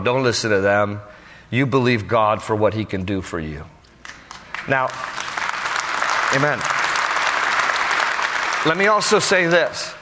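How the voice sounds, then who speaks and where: A male pastor preaching a sermon in an animated way, acting out the people in his stories. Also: medium pitch, in a large hall.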